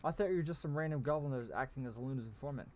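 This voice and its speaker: A man's voice: medium pitch, very fast, a little mellow, natural voice. Blunt young gladiator hero, read by a man, cheeky and emphatic, storybook read-aloud.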